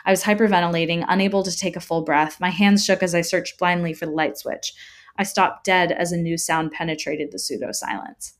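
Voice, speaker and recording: A woman's voice: fairly low pitch, fairly even intonation, brisk. Woman reading a tense horror story. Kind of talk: first-person horror story narration.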